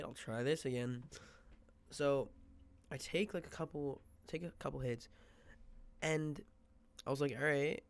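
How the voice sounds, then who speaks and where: A young man telling a rambling storytime, full of fillers and quoted asides, sometimes dropping to a whisper. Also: medium pitch. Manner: drops to a whisper for quoted thoughts. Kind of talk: casual storytime vlog.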